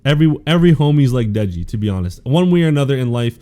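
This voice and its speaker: A man co-hosting a casual podcast, rambling through an animated, slangy retelling of recent episodes. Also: medium pitch, very fast. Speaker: podcast co-host. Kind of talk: casual anime recap chat.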